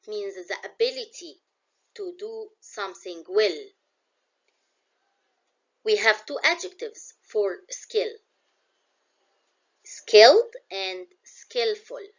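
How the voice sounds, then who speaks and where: A woman's voice: medium pitch, expressive, slow, pauses often, dull audio. A woman with an Egyptian accent teaching a classroom English vocabulary lesson. She explains words in English and glosses some of them in Arabic.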